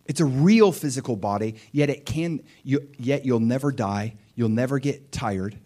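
A middle-aged man preaching a sermon, retelling scripture with lively, animated storytelling and acted-out voices. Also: medium pitch, normal speed. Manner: animated storytelling, acts out voices of biblical figures. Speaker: pastor.

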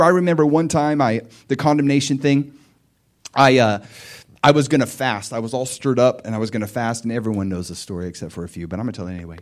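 Animated male preacher. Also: medium pitch, fast. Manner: animated storytelling, swings from soft muttering to loud cries. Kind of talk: sermon.

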